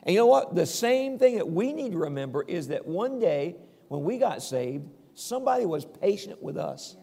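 A somewhat high, gravelly-edged voice belongs to an older pastor preaching at a normal speed in an easygoing, conversational style. He checks in with his listeners and chuckles from time to time, while a church hall's long reverb lingers after his phrases.

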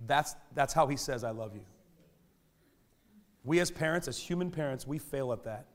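A man delivers a sermon in a church, his voice sitting a little higher than most. He preaches in a lively, conversational way, often joking at his own expense. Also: fairly quick. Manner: animated, conversational preaching with self-deprecating humor. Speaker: pastor. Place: church sanctuary.

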